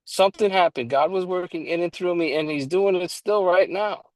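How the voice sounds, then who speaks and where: A man co-hosts an online recovery book study, talking casually and emphatically in a meeting style, occasionally swearing and restarting his sentences. His voice is high-pitched at a normal speed, and the rough recording has no room sound.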